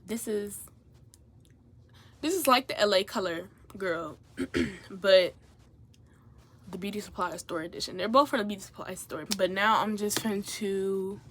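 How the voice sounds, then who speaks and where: A young woman vlogger telling a profane, animated story while doing her makeup. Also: mid-range voice, unhurried, long pauses, a little hiss or hum. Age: young adult. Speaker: beauty vlogger. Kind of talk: get-ready-with-me storytime.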